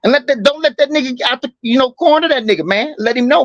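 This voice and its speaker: A man's voice: extremely high pitch, quick pace, dry recording. A man co-hosting a boxing talk show, rambling and profane, full of fillers and emphatic asides. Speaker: boxing podcast co-host. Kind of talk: heated casual boxing talk. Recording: dry, slightly dull sound.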